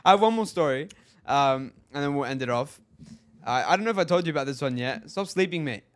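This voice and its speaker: A man's voice: mid-range voice, expressive, fast talker. A young man, co-hosting a casual podcast and telling stories with frequent laughter. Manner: storytelling, laughs often. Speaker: podcast co-host. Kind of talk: casual chat.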